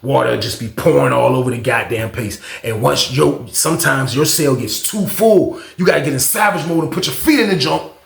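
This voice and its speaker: Brief: male vlogger, gravelly, loose and profane storyteller, roomy echo. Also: medium pitch, moderate pace, hardly any pauses. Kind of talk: casual storytime.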